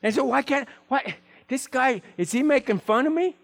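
A high-pitched man delivering a lively sermon. His voice is bright and ringing, and he swings wildly up and down as he acts out the people in the stories. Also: moderate pace, vocal fry. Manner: animated, acts out biblical figures with big pitch swings. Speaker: preacher.

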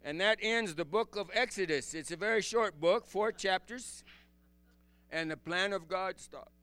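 A man teaching as a pastor in an animated sermon, swinging from loud exclamations to hushed low tones and asking his listeners rhetorical questions. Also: a little slow, smooth, faint music behind. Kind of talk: expository sermon.

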